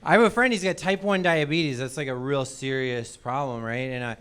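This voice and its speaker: A man's voice: medium pitch, a little fast, clear, resonant tone. A man from Wisconsin doing a stand-up comedy set, apologetic and self-deprecating, rambling with ums. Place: comedy show before a live audience. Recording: loud audience laughter behind.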